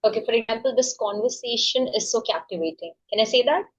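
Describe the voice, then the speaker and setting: A woman's voice: on the high side, fast talker, breathy edge. Eager woman learner on a dull call line. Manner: eager, asks many questions. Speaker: English learner. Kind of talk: casual practice conversation.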